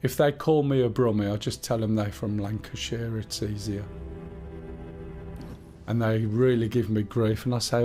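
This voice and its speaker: A man's voice: fairly low pitch, steady tone, normal speed, dark tone, faint music behind. A man with a Black Country accent chatting casually and rambling to himself while he streams a game. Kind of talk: casual live-stream gaming chat.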